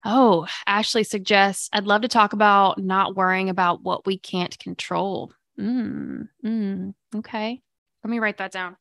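Woman, upbeat live-stream host, smooth clear voice, dry close sound. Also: mid-range voice, fairly even intonation, measured pace, a bit bright, dry recording. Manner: chatty, upbeat, lots of fillers. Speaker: livestream podcast host. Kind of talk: casual live chat with viewers.

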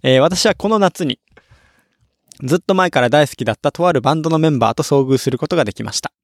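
A man's voice: a little high, rapid-fire, no room sound, clean studio sound. A man co-hosting a casual podcast chat, laughing often and reading a listener's message aloud. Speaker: podcast co-host. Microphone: studio mic with monitor headphones.

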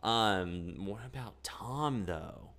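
Low-voiced Midwestern podcast host. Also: male voice, expressive, drawn-out words, fairly bright tone. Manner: laid-back, runs the segment. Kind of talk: casual chat.

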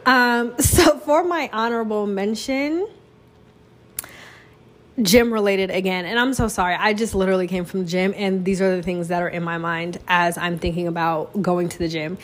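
A chatty young woman talks on her own in a loose, casual way, poking fun at herself as she goes. Her voice sits at a middle pitch. She jumps into big, exaggerated voices whenever she quotes other people. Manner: chatty, self-deprecating, dramatic quoted voices. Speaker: podcast host. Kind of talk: casual solo chat.

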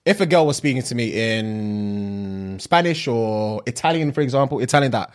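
A young man, chatting casually in a halting, slangy way. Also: medium pitch, expressive. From England. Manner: halting, slangy, many fillers. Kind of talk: casual podcast chat.

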